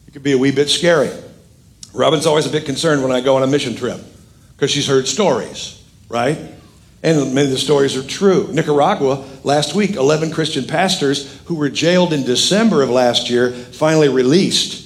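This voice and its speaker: A man's voice: medium pitch, a little fast. A middle-aged male pastor preaching a sermon, telling a story with jokes and acting out the other people's lines. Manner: animated, jokey storytelling with quoted voices.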